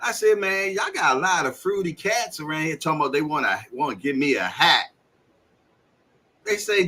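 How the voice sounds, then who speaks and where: A man's voice: fairly high pitch, normal speed. A man from Washington, D.C. co-hosting a podcast, telling stories in casual chat and acting out the dialogue. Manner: animated storyteller acting out dialogue. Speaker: podcast co-host. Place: live stream setup.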